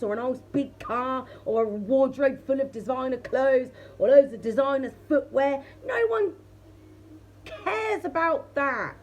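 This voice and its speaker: A woman's voice: sits high, darkish tone, lo-fi sound. A woman tarot reader chatting casually to her viewers, laughing often and talking straight to the audience. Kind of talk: casual tarot reading chat.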